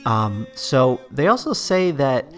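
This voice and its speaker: A man's voice: mid-range voice, sing-song, slow, fairly bright tone, soft background music. A man hosting a podcast, talking casually through the news with many fillers and restarts, a little emotional. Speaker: podcast host. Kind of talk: casual solo news chat.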